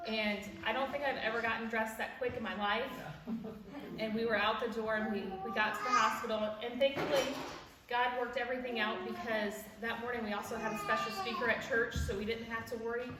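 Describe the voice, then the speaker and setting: A fairly high-pitched woman in her forties, even in intonation and a little fast, tells a warm personal story with a devotional message at a church event. Laughing at her own tales, she acts out the voices she quotes. The recording is distant, echoey and noisy, from a church hall.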